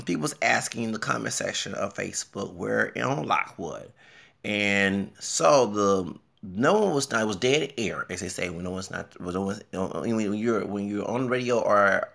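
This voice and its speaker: A young man from Houston with a Texan drawl talks in loose, rambling vlog commentary. His voice is gravelly with a sharp, bright edge. He gets excitable, and his pitch leaps up when something amuses him. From Houston, Texas. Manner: chatty, excitable, laughs and jumps in pitch. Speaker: vlogger. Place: home bathroom.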